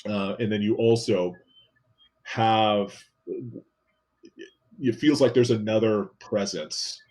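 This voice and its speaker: Husky and low-pitched, this game master leads a tabletop role-playing game, laying out rules and describing scenes. His manner is laid-back, with frequent filler words.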